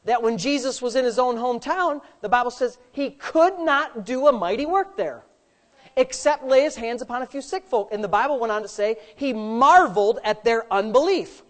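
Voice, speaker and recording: Animated high-voiced woman preaching. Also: normal speed. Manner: animated preaching, rhetorical questions, playful asides. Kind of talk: sermon.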